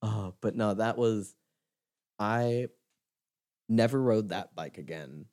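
A young man chatting on a podcast, telling a story and breaking into laughter as he acts out what people said. His voice sits fairly low and has a mellow, warm tone. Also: slow. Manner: animated storyteller, acts out quotes, laughs often. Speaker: podcast co-host. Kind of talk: casual chat, telling a story.

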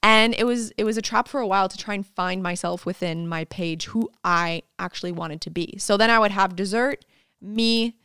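Woman guest, bubbly storyteller, acts out quotes; smooth voice, dry close mic. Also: medium pitch, normal speed, pushed and bright, dry recording. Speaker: podcast guest, fitness coach. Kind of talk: casual interview chat.

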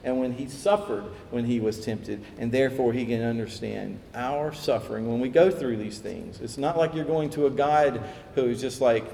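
A man preaching a sermon, lively, acting out quoted voices as he tells the story. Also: mid-range voice, normal speed, gravelly, slight background noise. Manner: animated, acts out quoted voices, chuckles. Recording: echoey hall with faint ambience.

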